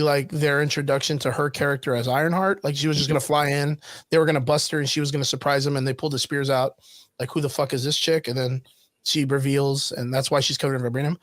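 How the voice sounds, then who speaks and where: Animated guy cohosting a live stream, kinda high voice, dry sound. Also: no room sound. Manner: animated, chatty, laughs easily. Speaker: podcast co-host. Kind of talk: casual livestream chat.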